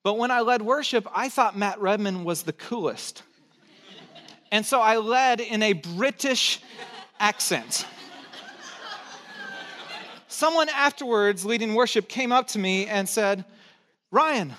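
A man's voice: high voice, slow pace, pauses often, sharp tone. A middle-aged male pastor preaching a sermon, emphatic and conversational, repeating his key phrases. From born in Texas, raised in California.

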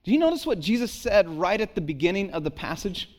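Quick and sing-song, a pastor's conversational sermon piles up rhetorical questions, repeated words and restarts, with his voice dropping low and soft for emphasis.

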